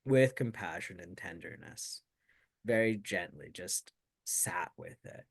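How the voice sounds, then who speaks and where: A man's voice: deep voice, lively intonation, slow, slightly rough. A man talking in a casual, rambling way full of fillers, reflecting on his meditation practice as a show co-host. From United States. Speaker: co-host of a Buddhist talk show. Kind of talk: casual chat.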